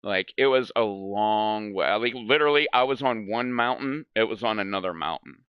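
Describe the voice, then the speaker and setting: A man's voice: on the low side, normal speed, clear, resonant tone, dry recording, highs cut off. A man hosting a gaming channel, telling a story in casual chat. He rambles, swears a lot and keeps saying "like". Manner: rambling, profane, fills speech with "like".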